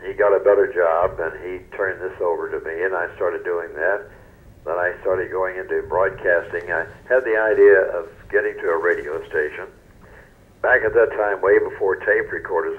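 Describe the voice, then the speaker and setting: An older man from North Carolina, a retired newscaster telling stories in an interview in a folksy, unhurried way. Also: low voice. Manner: folksy, unhurried, trails off softly. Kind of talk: relaxed storytelling interview. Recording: dull lo-fi radio recording.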